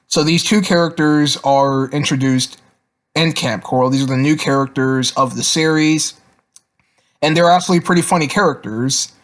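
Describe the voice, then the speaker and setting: A man's voice: a little high, normal speed. A man casually reviewing cartoon episodes, rambling with lots of fillers and repeated words.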